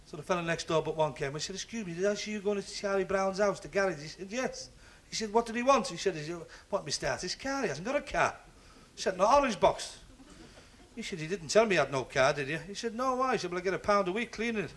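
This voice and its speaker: A man's voice: high-pitched, expressive, fairly bright tone. A man telling a stand-up joke on stage, acting out the voices and engine noises of his characters. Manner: brisk storytelling, acts out voices and engine noises. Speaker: stand-up comedian. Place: stage before a live audience.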